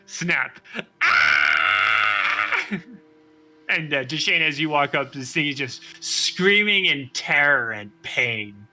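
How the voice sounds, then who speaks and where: A man's voice: on the high side, animated, a little slow, few pauses, bright, forceful tone, soft background music. A man narrating as game master, casually improvising descriptions with many fillers.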